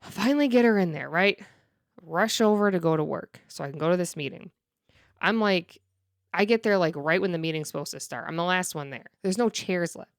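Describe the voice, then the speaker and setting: A woman co-hosting a podcast, chatting casually and telling lively stories with laughs and loud outbursts. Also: on the low side, a little fast, no echo, studio quality. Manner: animated storyteller, loud and laughing. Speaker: podcast co-host. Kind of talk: casual chat.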